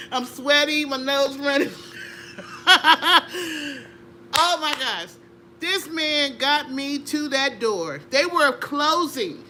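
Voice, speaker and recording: A middle-aged woman, an interview guest, telling a personal story with animated energy, laughing and acting out voices. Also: high voice, slight background noise. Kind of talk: conversational storytelling.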